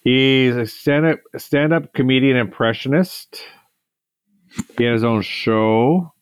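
A man's voice: mid-range voice, takes it slowly, smooth, no echo. A man co-hosting a podcast in casual chat, questioning skeptically and reading out facts. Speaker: podcast co-host.

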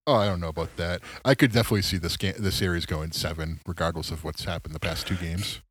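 A man's voice: low-pitched, steady tone, fast talker, a bit bright, slightly rough. A tired man co-hosting a podcast, chatting casually about baseball and swearing freely. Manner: laid-back, swears casually. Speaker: podcast co-host. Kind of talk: casual sports chat.

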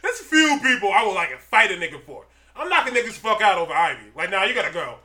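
A man co-hosting a casual chat, telling stories in a profane, animated way and laughing often. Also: high voice, fast. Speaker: podcast co-host.

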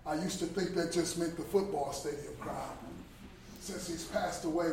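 A man in his fifties delivers an impassioned sermon, dropping to a hush and then rising loud for emphasis. His voice sits a little high for a man. The recording comes from a distance in a very reverberant hall with a faint hiss underneath. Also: steady tone, normal speed. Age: 50s. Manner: emphatic, swings from hushed to loud. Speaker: guest speaker at a Bible study. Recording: very echoey room, distant mic, faint background noise.

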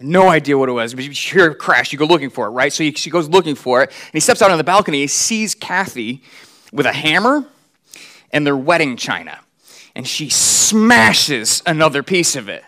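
Middle-aged male pastor, slightly high voice, relaxed storytelling sermon delivery. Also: moderate pace. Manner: conversational storytelling with acted quotes.

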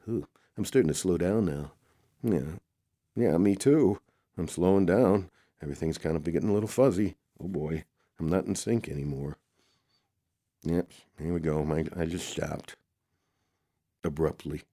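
A man's voice: a bass voice, mellow, no room sound, studio quality. A man improvising a rambling story, talking through it with many "oh boy" exclamations.

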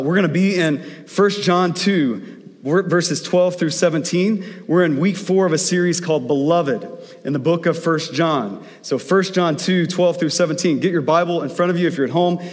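A man's voice: on the high side, in a large hall. A man preaching a sermon as pastor, telling stories in a conversational way.

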